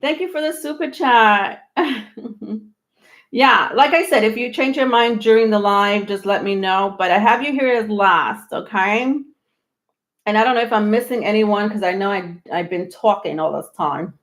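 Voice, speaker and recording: A woman hosting a tarot live stream, talking casually, a little out of breath, rambling with many pauses and restarts. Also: mid-range voice, a bit bright. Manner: rambling, many ums and restarts, laughs often. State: slightly out of breath.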